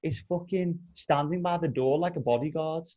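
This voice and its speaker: A man co-hosting a podcast, telling a long anecdote in casual chat, full of swearing and lively detail. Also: on the high side, normal speed, dull audio. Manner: animated, profane anecdote telling. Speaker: podcast co-host.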